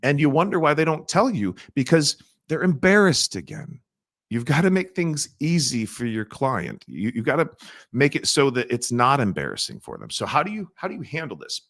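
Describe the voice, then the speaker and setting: A middle-aged man teaching a sales training, asking his audience questions and acting out soft-spoken sales lines. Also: medium pitch, wildly swooping pitch, moderate pace.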